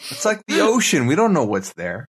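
Relaxed co-host, medium pitch, chatty and chuckling. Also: a little fast, breathy edge. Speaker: podcast co-host. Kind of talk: casual chat.

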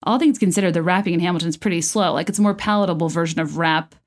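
Chatty woman with a lowish voice. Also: fast. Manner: chatty, enthusiastic, many fillers and restarts. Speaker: video creator discussing a musical. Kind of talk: casual commentary. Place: at home.

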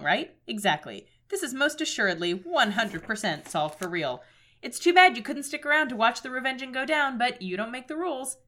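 A woman co-hosting a comedy podcast, narrating an adventure book with giggly, joking asides. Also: a little high. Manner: giggly, animated, quick with jokes. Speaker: co-host reading an adventure book aloud. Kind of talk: casual comedic chat and playful narration.

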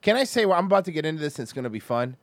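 A man's voice: on the high side, racing, dry recording. A man hosting a livestream show, mocking and swearing in crude banter. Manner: profane, mocking, loud and animated. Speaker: podcast host.

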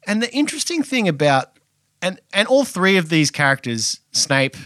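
A man's voice: big pitch swings, normal speed, a bit bright, no echo. A man in casual podcast banter who swears and laughs a lot. He drops his voice when he reads out film lines. The sound is close and dry, with no room in it. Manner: laughing, profane, reads quotes aloud in lowered voice. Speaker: podcast co-host. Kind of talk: casual film-review chat.

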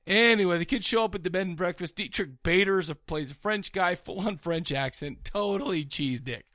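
A man co-hosting a podcast, chatting excitedly and profanely about a horror movie and laughing often. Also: high-pitched, normal speed, dry recording, clean studio sound. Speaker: podcast co-host. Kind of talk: casual movie review chat.

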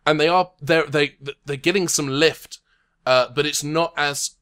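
A man's voice: fairly high pitch, fairly even intonation, a bit bright, clean tone. A man narrating and ruling as game master of a tabletop game, rambling and hesitant, recorded remotely from home. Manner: rambling, hesitant, quick to laugh. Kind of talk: running a tabletop game over a call.

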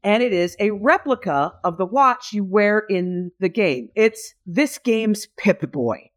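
A woman co-hosting a casual podcast chat, enthusiastic and rambling, quick to agree. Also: medium pitch, animated. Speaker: podcast co-host.

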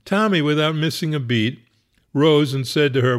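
A man's voice: on the high side, normal speed. A man who is a rabbi, wryly telling a humorous personal story in a conversational way. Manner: wry, conversational, laughs at his own story.

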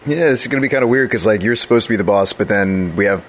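A man playing a tabletop game, speaking in a halting, hesitant way with many "like"s and "uh"s. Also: fairly low pitch, a little hiss or hum. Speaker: player. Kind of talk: casual tabletop game play.

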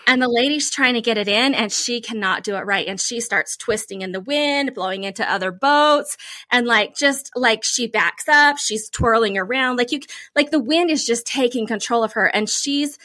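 Casting: upbeat woman storyteller, bright and slightly high, dry close mic. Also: normal speed, dry recording. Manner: animated, lots of "like", playful self-praise. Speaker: podcast co-host. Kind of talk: casual storytelling chat.

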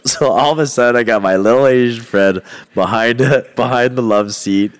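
A man's voice: mid-range voice, moderate pace. A man who is a fighter, guesting on a podcast and telling a rowdy, profane story in a casual way, laughing often.

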